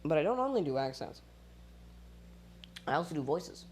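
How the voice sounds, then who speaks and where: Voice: mid-range voice, very animated, moderate pace, slight background noise. A speaker from Australia, talking with an American accent in a casual rambling monologue, self-mocking and full of asides. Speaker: vlogger.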